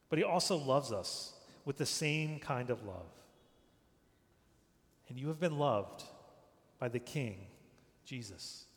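Man, preacher, sermon, fairly high voice, emphatic, trailing to a hush, long hall reverb. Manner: emphatic, repeats phrases, drops to a hush at line ends.

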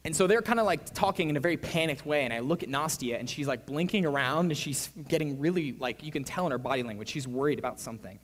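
A young man preaching a sermon, telling a personal story in a casual, lively storytelling manner. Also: on the high side, fast, hardly any pauses, long reverb tail. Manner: casual, storytelling, acts out quoted voices.

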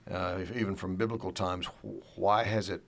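A man in a theological discussion, explaining doctrine in a measured way and slowing down to stress key words. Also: low-pitched, fairly even intonation, vocal fry. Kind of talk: theological discussion, reading quotes.

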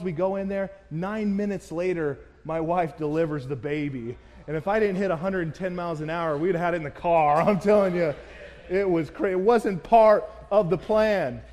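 A man preaching a sermon as pastor, telling a personal story in an animated way and acting out the voices of the people in it. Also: high-pitched, in a large hall. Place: church.

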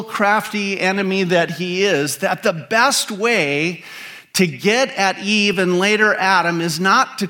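A man's voice: high-pitched, sharp tone. A man preaching a sermon as pastor, emphatic and asking the congregation rhetorical questions.

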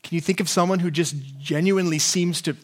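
A man's voice: high-pitched, fairly even intonation, fairly quick. A man preaching a sermon in an earnest way, often repeating words and asking his listeners questions.

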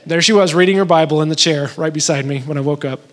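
A married man delivers a sermon in a somewhat high voice. He tells stories casually, with small restarts, and builds to emotional, pleading peaks. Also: brisk, fairly bright tone. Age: adult, married. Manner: conversational storytelling with restarts. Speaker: pastor.

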